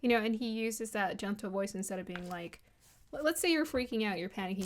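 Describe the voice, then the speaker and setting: A woman giving a casual spoken card reading to her viewers. She talks in a gentle, flowing, spiritual way and laughs softly now and then. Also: medium pitch, fairly quick, a little hiss or hum. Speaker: tarot card reader.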